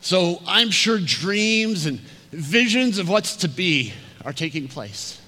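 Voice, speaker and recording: Male pastor, sermon, fairly high voice, storytelling, hushed emphasis, reverberant church hall. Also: sing-song. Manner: storytelling, slows down and drops to a hush for emphasis.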